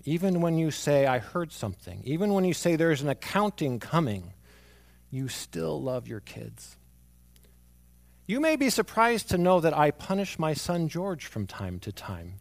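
A man preaching a sermon, moving from hushed, near-whispered lines to emphatic ones as he tells stories about his young son. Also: mid-range voice, gravelly. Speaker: pastor.

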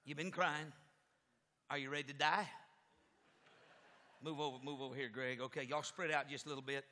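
A man preaching an animated sermon with a live demonstration, who stumbles over repeated words and works himself up to shouting. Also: a little high, moderate pace. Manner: stammers on repeated words, gets fired up and shouts. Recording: echoey hall with long reverb.

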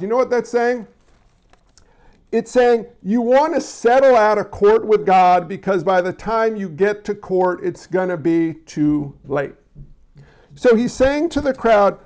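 High-voiced man preaching a sermon. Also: unhurried, darkish tone, dull audio. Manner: conversational preaching, addresses the congregation directly; frequent stammered restarts. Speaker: pastor.

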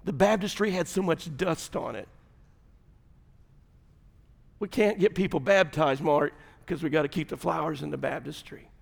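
A man's voice: a little high, brisk, vocal fry. A man, a pastor preaching a folksy sermon, telling stories and making asides to his congregation. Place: church sanctuary. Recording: long hall reverb.

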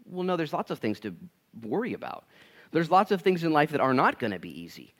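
Animated pastor preaching to his church. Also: fairly high pitch, a little fast. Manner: animated, acts out voices in quotes; conversational, jokey with the congregation. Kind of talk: sermon.

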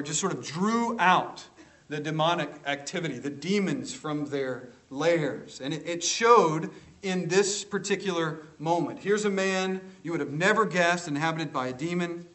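Emphatic preacher man, high-ish voice. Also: fairly bright tone, poor audio. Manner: emphatic, rhetorical tag questions. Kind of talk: sermon.

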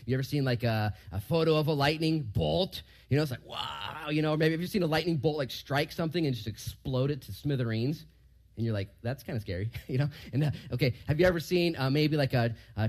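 A man, a pastor, giving a casual verse-by-verse sermon in a church hall. He questions the room and moves from loud emphasis to quiet asides. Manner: conversational, asks the room questions, rises loud for emphasis and drops low for asides.

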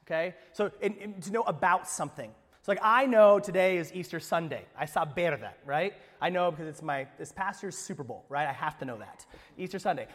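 A man pastor preaching an Easter sermon, expressive, swinging from hushed lines to emphatic ones with playful asides. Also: high-pitched, brisk, in a large hall. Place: church sanctuary.

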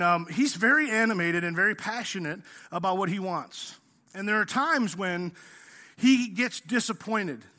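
A man in his thirties delivers a lively sermon in a high, piercingly bright voice. He acts out the people he quotes, climbing in pitch and now and then shouting to drive a point home. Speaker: pastor.

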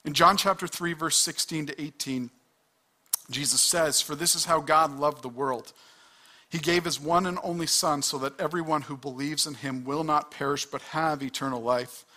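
A man's voice: on the high side, steady tone, bright, forceful tone. A man preaching a sermon in an earnest, conversational way, often restarting his words. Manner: earnest, conversational, with quick restarts and acted-out asides. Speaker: pastor.

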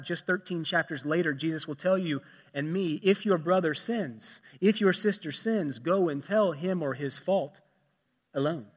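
A man preaching a sermon, swinging from loud emphatic passages to hushed asides. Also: high-pitched, long reverb tail. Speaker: pastor.

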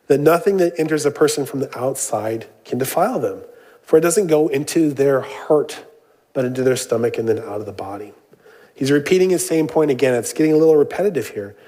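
A man's voice: medium pitch, darkish tone. Man preaching with casual asides. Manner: reads scripture aloud, then explains it with casual asides and jokes; frequent "uh" and "um" fillers. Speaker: pastor. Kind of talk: sermon.

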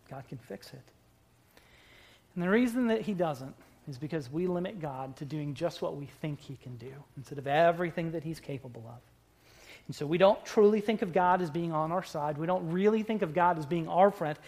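Emphatic preacher delivering a sermon. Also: medium pitch. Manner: emphatic, with drawn-out words and sudden loud bursts; playful asides to the congregation. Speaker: pastor.

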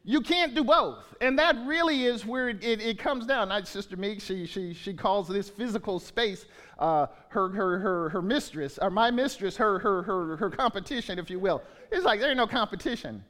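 Pastor in his sixties, high tenor, relaxed conversational preaching with frequent restarts. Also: moderate pace. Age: 60s. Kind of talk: sermon.

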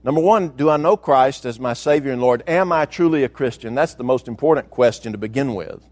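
A pastor preaching a sermon, with emphatic delivery and slowed, stressed phrases. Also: male voice, mid-range voice, a little mellow.

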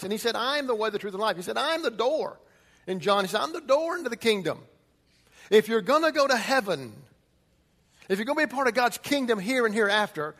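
Male pastor, high voice, emphatic sermon delivery, long hall echo. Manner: emphatic preaching, swings from loud urgency to quiet intensity.

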